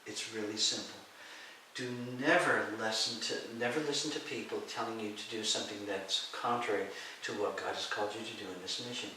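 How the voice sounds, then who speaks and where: A middle-aged man telling lively stories in an interview, acting out the voices of people he quotes and laughing often. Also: on the low side, fairly quick. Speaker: interview guest, martial arts and healing teacher. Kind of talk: storytelling in a conversational interview. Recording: echoey room, far from the mic, faint hiss.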